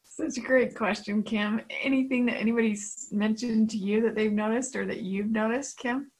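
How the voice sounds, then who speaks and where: A woman's voice: a little high, fairly even intonation, moderate pace, husky, low-quality recording. A woman hosting a group talk, encouraging the participants and thanking them. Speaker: group host.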